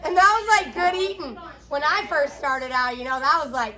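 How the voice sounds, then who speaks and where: A woman's voice: high voice, expressive, moderate pace, few pauses, crowd noise, rough recording. A middle-aged woman chatting candidly while bathing a cat, swearing freely as she talks. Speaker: pet groomer vlogger.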